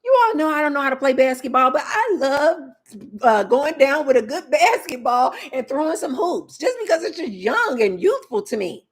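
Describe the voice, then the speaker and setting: This woman's high, sing-song voice moves at normal speed as she chats to camera for her lifestyle vlog. She's emphatic and casual, regularly addressing the people watching.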